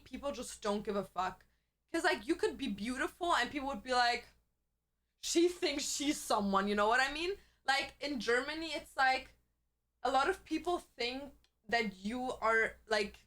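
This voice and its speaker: A woman's voice: a little high, sharp tone. A young woman streamer in casual livestream chat, talking in a chatty, crude way with lots of "like" fillers.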